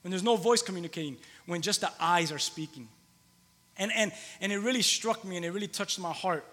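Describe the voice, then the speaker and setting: A pastor in his thirties preaches a conversational sermon, repeating phrases for emphasis, in a church hall with long reverb. His voice is high, bright and forceful, and he speaks fairly quickly in the large hall.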